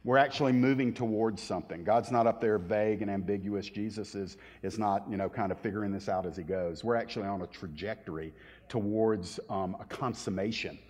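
A male pastor delivering a sermon in a church, rising to loud, emphatic proclamation when he reads scripture. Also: lowish voice, fairly quick. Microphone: handheld or stage mic. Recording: long hall reverb.

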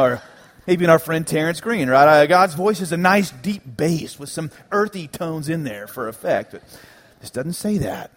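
Pastor, man, higher voice, preaching with lively humor and punchy repeats. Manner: animated, joking preacher with emphatic repetitions. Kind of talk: sermon. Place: church sanctuary.

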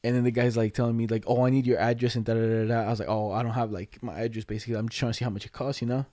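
Talking fast and casually, a young man spins a rambling tale loaded with slang and swearing, his delivery flat. The medium-pitched voice sounds dark and mellow, and the recording is dry and close with no room sound.

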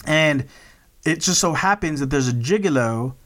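A man's voice: fairly high pitch, animated, moderate pace, fairly bright tone. A man co-hosting a podcast, talking casually with a joking, teasing manner. He rambles through anecdotes with easy, loose delivery. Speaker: podcast co-host.

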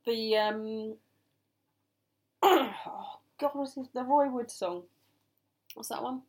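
A woman's voice: fairly high pitch, slow, a little mellow. Giggly woman co-hosting a podcast. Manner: joking, giggly, rambling with many fillers. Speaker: podcast co-host. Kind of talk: casual podcast chat.

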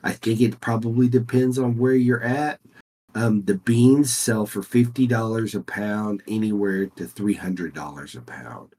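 A man's voice: on the low side, steady tone, a little slow, warm tone, slightly rough. A man co-hosting a casual podcast chat in an easygoing, hedging way. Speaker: podcast co-host.

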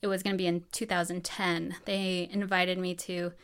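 A woman's voice: lowish voice, flat delivery, moderate pace, smooth. A woman from New Mexico telling her own story in a casual, chatty way, full of fillers and acted-out dialogue. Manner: chatty, many fillers, acts out quoted dialogue.

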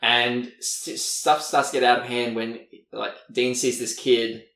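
A man's voice: mid-range voice, unhurried. A man co-hosting a podcast in casual chat, animatedly retelling a TV episode and laughing often. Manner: animated storyteller, laughing often, acts out characters' lines. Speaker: podcast co-host. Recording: roomy, distant mic.

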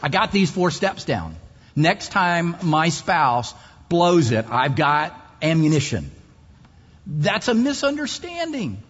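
A man preaching a sermon in an emphatic way, his pitch swinging widely, with long pauses. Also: big pitch swings, a bit bright, slightly rough. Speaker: pastor. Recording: muffled hall recording.

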